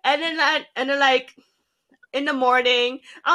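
A young island woman shares a story at a measured pace in relaxed conversation. Her telling is lively and packed with fillers, and she shifts into high voices whenever she quotes someone.

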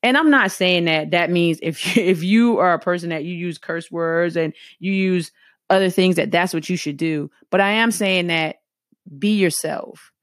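A woman's voice: lowish voice, moderate pace, no room sound, studio quality. A middle-aged woman with a Southern US accent giving an earnest, conversational motivational talk to her viewers and voicing her own inner thoughts as she goes. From American South. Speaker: motivational speaker.

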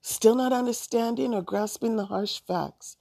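Female storybook narrator, dark gravelly voice. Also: on the high side, measured pace, no room sound, studio quality. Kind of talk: storybook read-aloud.

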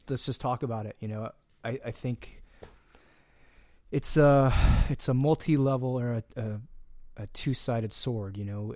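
A man coaching in a relaxed podcast chat, talking in an earnest, direct way. His voice sits in an ordinary middle pitch, and the sound is dry and close with no room echo. He is plain-spoken and now and then drops a casual curse.

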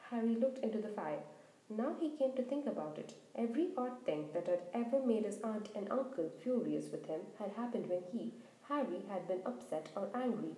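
A woman's voice: medium pitch, moderate pace. Woman reading a storybook aloud. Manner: expressive, animated reading. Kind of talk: storybook narration. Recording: roomy echo.

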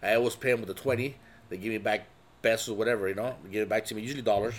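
A man's voice: fairly low pitch, racing. A man in casual chat who swears a lot and acts out quotes while telling stories. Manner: swears a lot, animated storyteller acting out quotes.

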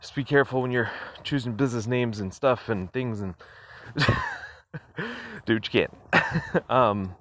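A man's voice: medium pitch, unhurried, long pauses, a bit bright. A man hosting his own podcast, talking casually and rambling off on tangents, chuckling often with plenty of fillers, recorded on a phone. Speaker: podcast host. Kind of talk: casual solo podcast monologue.

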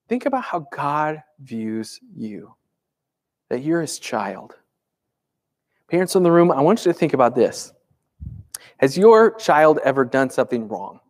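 Pastor, male, thirties, mid-high voice, casual sermon delivery with plenty of questions to the room. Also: sing-song, a little slow, long pauses. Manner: conversational preaching with rhetorical questions.

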